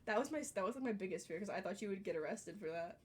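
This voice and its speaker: A young woman co-hosting a casual podcast, quick and jokey, tossing in playful remarks. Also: medium pitch, lively intonation, slight background noise. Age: young adult. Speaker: podcast co-host. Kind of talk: casual chat.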